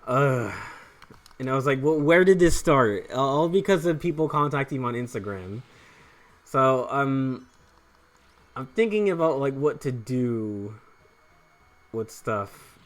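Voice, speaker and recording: A man's voice: medium pitch, slow, pauses often. Rambling young man telling a story. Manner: rambling, swears often, many fillers and restarts. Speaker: gaming channel host. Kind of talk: casual storytelling over gameplay.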